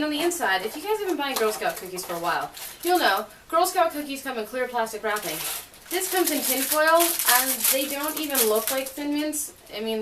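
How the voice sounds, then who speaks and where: A young woman with a fairly high, slightly bright voice vlogs casually from her bedroom, spinning in a chair. She's chatty and giggly, tossing in sarcastic asides as she reads aloud. The recording sounds roomy and distant, with a faint hiss.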